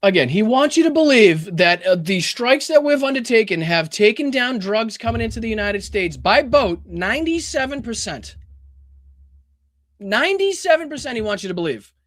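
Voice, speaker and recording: Brief: male podcast host, high-pitched, dry close sound, casual incredulous commentary, swears freely. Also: big pitch swings, moderate pace, a bit bright, no room sound. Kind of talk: casual political commentary reacting to clips.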